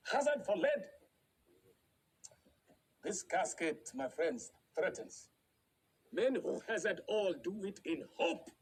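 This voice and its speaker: An actor playing a proud, regal prince who muses in verse, softly and half-laughing, in a stage drama. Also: male voice, high voice, breathy edge, full character voice, rough recording. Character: proud regal male prince weighing a choice.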